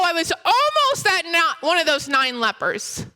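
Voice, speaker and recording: A woman in her thirties preaching a sermon and telling a personal story in an animated way. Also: very high voice, a little fast. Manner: animated storytelling, breaks into laughter.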